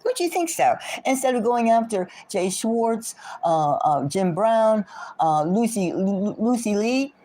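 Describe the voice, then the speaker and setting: A woman with a fairly high, mellow voice speaks at a measured pace but with great animation. She hosts a tarot channel and rants to camera about politics, rambling and indignant, firing off rhetorical questions, restarting often and breaking into asides.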